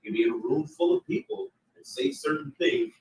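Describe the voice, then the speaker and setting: A man's voice: extremely high pitch, wildly swooping pitch, a little fast, vocal fry. A man in a bible class answering a question and explaining his point with examples. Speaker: class participant. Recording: echoey room.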